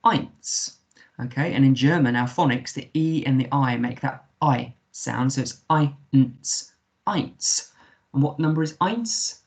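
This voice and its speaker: A man's voice: medium pitch, creaky, a little mellow. Patient English man teaching phonics. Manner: patient, sounds out words slowly letter by letter. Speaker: primary school teacher. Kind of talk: recorded remote lesson.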